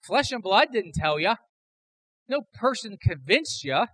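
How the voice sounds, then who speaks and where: A man preaching a sermon as pastor, emphatic, building to loud repeated declarations. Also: high voice, sing-song, measured pace, slightly rough, rough recording.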